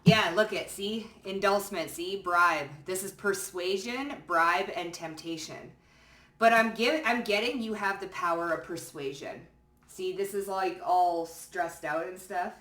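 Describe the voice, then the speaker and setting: A woman reads tarot cards in a loose, conversational way, dropping casual swears and checking in with her listeners. Her voice sits fairly low. She is heard a little away from the mic in a roomy, echoing space. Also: measured pace, a bit bright, distant mic. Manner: chatty, swears casually, frequent "okay?" and "you know what I'm saying?". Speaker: tarot card reader. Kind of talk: casual pick-a-card tarot reading.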